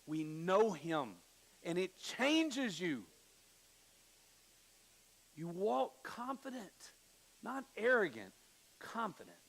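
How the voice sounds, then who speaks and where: Gravelly high-voiced preaching man. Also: poor audio. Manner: preaches with wide swings from hushed to emphatic; storytelling with quoted voices. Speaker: pastor. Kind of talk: sermon. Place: church sanctuary.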